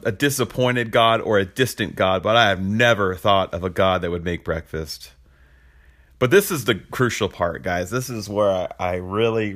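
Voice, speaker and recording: Give me a low-voiced man in his thirties, earnest and rambling as a podcast host. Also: fairly bright tone. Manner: earnest, rambling, with frequent restarts and chuckles. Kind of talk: casual reflective talk on faith.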